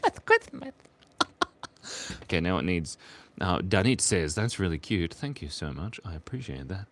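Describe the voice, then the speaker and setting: A man's voice: low voice, lively intonation, normal speed, a little hiss or hum. A young man on a casual live stream, drawing while chatting playfully, reading chat messages aloud and laughing often. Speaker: livestream artist drawing for chat.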